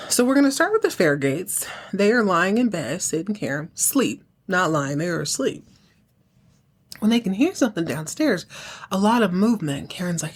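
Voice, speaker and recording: A woman hosting a podcast, casually recapping a TV episode with wry asides and acting out the characters' lines. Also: fairly low pitch. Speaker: podcast host.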